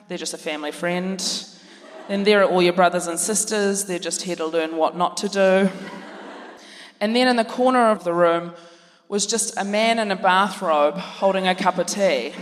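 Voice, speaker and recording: A woman tells a dry, self-mocking story from a theatre stage. Her voice sits mid-range and carries a long hall reverb. Faint audience noise runs under it. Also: medium pitch. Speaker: comedian co-host. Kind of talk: live stand-up storytelling. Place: large theatre stage before a laughing audience.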